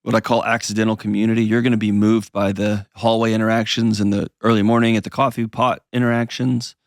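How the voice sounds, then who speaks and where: Advice-show host, male, low and dry, sincere and reassuring. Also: level tone, quick pace, no echo.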